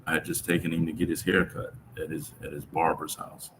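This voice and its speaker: A middle-aged man telling a personal story about his son in an interview, speaking in a reflective, halting way with many restarts. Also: extremely low pitch, level tone, background noise. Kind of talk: conversational storytelling.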